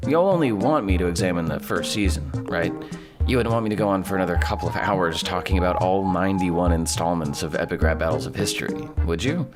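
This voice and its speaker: A young man talks through a casual video commentary in a low, deep voice. His delivery is sarcastic and rambling, with plenty of swearing, and music plays behind him. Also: fast talker, hardly any pauses. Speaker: host.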